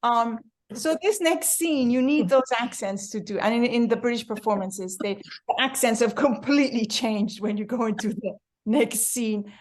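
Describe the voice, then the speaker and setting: Give me a chatty, animated woman leading a reading group. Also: fairly high pitch, moderate pace. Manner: chatty, animated, many fillers. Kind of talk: casual discussion over video call. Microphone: video call.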